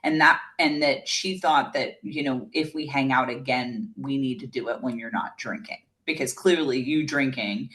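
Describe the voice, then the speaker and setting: Low-voiced blunt woman co-host. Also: moderate pace, hardly any pauses, a bit bright. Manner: blunt and profane, heated opinions. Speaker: podcast co-host. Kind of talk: casual chat.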